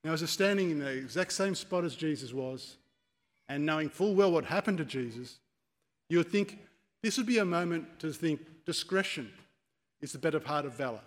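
A man's voice: a little high, animated, normal speed. A man preaching a sermon, telling stories and acting out quoted speeches with rising force. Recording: long church reverb.

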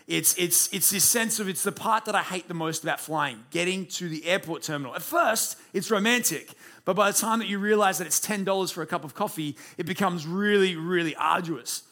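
A man in his late twenties, a pastor telling a story in a sermon, animated and self-deprecating, speaking in a church room. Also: sits high, brisk. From Australia.

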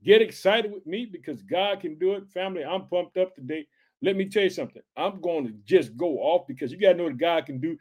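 Man, preacher, high voice, excitable, energetic scripture teaching. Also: slightly rough. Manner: excitable, repeats catchphrases, drawn-out emphatic reading.

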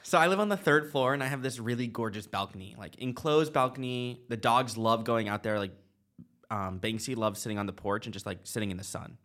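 A man's voice: mid-range voice, fairly quick. A man co-hosting a podcast, telling a story in casual chat with lots of fillers. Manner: animated storytelling with many fillers. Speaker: podcast co-host.

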